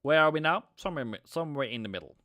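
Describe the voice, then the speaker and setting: A man's voice: on the high side, animated, rapid-fire, fairly bright tone, no echo, studio quality. A man giving live market analysis on a stream, chatty, repeating himself and answering viewers. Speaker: forex trading streamer.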